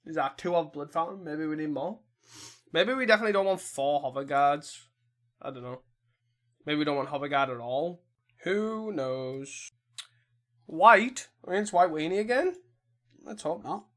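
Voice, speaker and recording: A man's voice: on the high side, lively intonation, moderate pace, fairly bright tone. A man casually commentating his own online card game, muttering his plays and grumbling at his own mistakes. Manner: muttering, self-critical, exasperated. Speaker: gameplay commentator.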